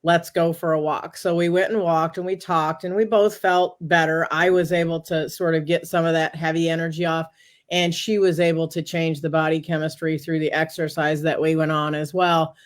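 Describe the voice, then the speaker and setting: A woman, a guest on an interview show, telling a personal story in a casual, animated way, often quoting what she said to herself. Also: low-pitched, moderate pace. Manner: animated, talks through quoted inner dialogue.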